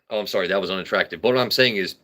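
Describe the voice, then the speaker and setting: A man's voice: sits low, bright, forceful tone. A man hosting a casual comedy livestream, rambling and riffing with stammered restarts. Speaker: livestream host.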